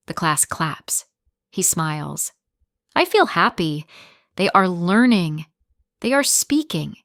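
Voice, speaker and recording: Female narrator for a learner story: clear, deliberate, very slow, dry. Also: lowish voice, very animated, a bit bright, no room sound. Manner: simple short sentences, clear and deliberate.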